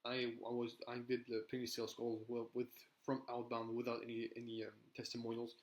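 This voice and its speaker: A young man gives casual sales coaching straight to camera. His pitch sits mid-range and barely rises or falls. He rambles loosely, checking in with "right?" and often starting his sentences over. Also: completely flat delivery, fairly quick, poor audio. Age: young adult. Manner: rambling, with frequent "right?" tags and restarts. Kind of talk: casual talking-head advice.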